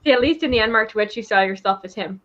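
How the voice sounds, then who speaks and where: A woman's voice: a little high, fast talker. A woman hosting a casual book club chat, asking questions and laughing often. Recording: dull, lo-fi mic with faint noise.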